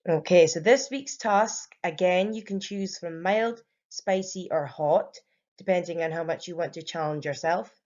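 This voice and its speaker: A young woman teacher with a Scottish accent, giving a recorded home-learning lesson to young pupils in a bright, encouraging way. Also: on the low side, a little slow, dull audio. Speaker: primary school teacher.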